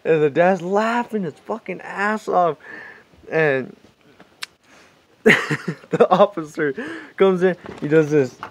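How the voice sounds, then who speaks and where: A man's voice: high voice, slow, gravelly, long pauses. Laughing, swearing man telling a story. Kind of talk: casual anecdote.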